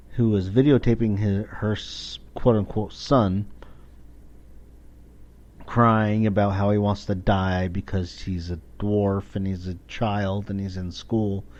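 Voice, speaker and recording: Blunt, profane man ranting slowly. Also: lowish voice, darkish tone. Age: around 40. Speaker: podcast host. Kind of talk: casual monologue. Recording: dull lo-fi recording.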